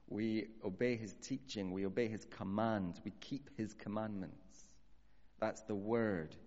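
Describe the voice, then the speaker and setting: A man preaching a sermon earnestly, slowing down to stress key phrases. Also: fairly low pitch, warm tone. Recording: dull audio with long hall reverb.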